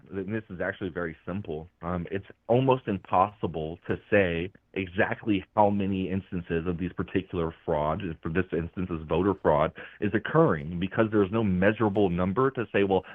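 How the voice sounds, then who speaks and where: A man's voice: sits low, normal speed, few pauses, no room sound. A young man calling into a live show, arguing angrily and swearing as he insists on finishing his point. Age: young adult. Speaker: caller. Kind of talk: heated call-in argument. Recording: tinny phone line.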